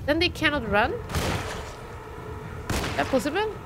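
A woman's voice: high-pitched, sing-song, unhurried, noisy background. A woman streamer chatting casually and reacting aloud as she plays a game live. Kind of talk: live gameplay commentary.

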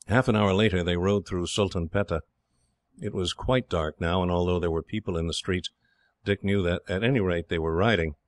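A man reading an audiobook in steady, measured scripted narration. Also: low-pitched, dry recording.

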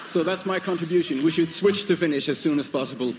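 A man performing a stand-up comedy set before a live audience, animated and imitating foreign speech and swearing. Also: a little high, fast, over loud music. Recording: noisy live venue.

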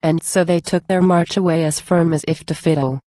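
A woman reciting a narrative poem in a measured, rhythmic reading. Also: low-pitched, steady tone, warm tone. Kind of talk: poetry recitation.

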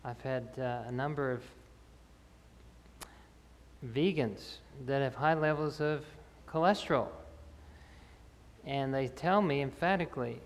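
A man's voice: mid-range voice, measured pace, pauses often. A man answering health questions after a talk in a church hall, explaining with fillers and restarts. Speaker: health speaker. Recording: reverberant church hall, faint ambience.

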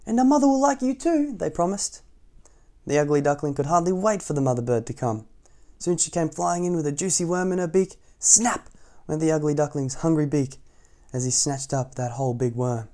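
Mellow-voiced man reading a picture book. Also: a little high, brisk. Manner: gentle asides to young listeners. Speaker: storytime reader.

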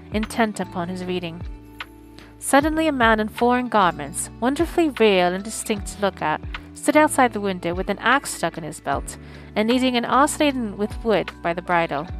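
A woman narrating a classic story aloud, measured and expressive, at a mid pitch. Soft music plays faintly underneath her reading. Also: poor audio. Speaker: audiobook streamer. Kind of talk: scripted narration.

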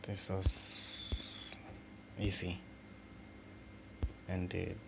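Deep gravelly man commenting on gameplay. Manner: excitable, swearing, halting restarts. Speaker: gaming channel host. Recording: noisy home recording.

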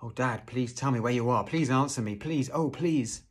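A man voicing a young boy lost in a dark wood, shouting high and pleading for his father, with a husky edge. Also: normal speed, natural voice.

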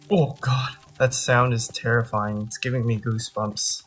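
A man commenting on his own gameplay, excitable and dramatic, swearing freely and joking about his own panic. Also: mid-range voice, moderate pace, hardly any pauses, slight background noise. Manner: self-deprecating, jokey panic. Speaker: gaming channel host.

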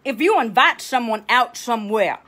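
A woman plays a middle-aged Southern hostess with a Louisiana drawl, handing out bossy life tips on a comedy livestream. Her voice sits high, and she chatters in loose tangents, checking in with her viewers. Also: animated, moderate pace, sharp tone. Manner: chatty, bossy, tangents, keeps asking okay. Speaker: host of a live advice show.

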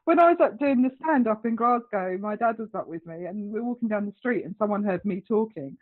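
A woman, a comedian chatting from home over a video call, telling quick, teasing stories. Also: medium pitch, expressive, phone-quality sound. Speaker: comedian guest. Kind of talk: casual comedy chat.

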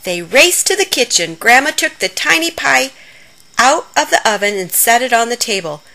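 A woman reading a children's story aloud in an expressive, animated manner. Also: on the high side, moderate pace, vocal fry, low-quality recording.

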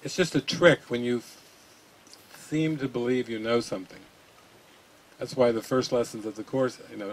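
Male spiritual teacher, mid pitch, easygoing musing delivery, faint hiss behind. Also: moderate pace, low-quality recording. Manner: relaxed, musing, laughs often. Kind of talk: unscripted spiritual talk.

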